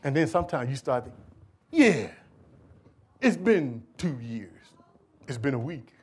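A man preaching a sermon as pastor, building to loud, pleading calls and then dropping to quiet asides to the congregation. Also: mid-range voice, sing-song, a little slow, husky. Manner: preaching with rising shouted appeals and sudden drops to quiet asides.

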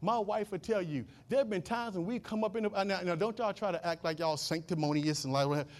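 High-voiced, dynamic male pastor preaching. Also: fast. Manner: dynamic preaching, swinging from loud declarations to hushed asides; asks the congregation call-and-response questions. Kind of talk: sermon.

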